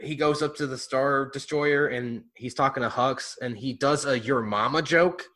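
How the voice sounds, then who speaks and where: Bright-voiced man, animated and blunt. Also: mid-range voice, moderate pace. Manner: animated, blunt, laughs easily. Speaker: podcast host. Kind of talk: casual chat.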